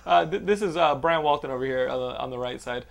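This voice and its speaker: A man hosting a casual podcast, talking loudly and excitably, swearing and laughing often. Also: medium pitch, fast talker, gravelly, crowd noise. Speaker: podcast host.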